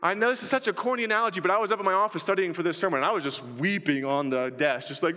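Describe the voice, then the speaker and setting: Animated male pastor in a reverberant hall. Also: high voice, fast talker, few pauses. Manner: animated storytelling, acting out movie scenes with pleading shouts. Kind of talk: sermon.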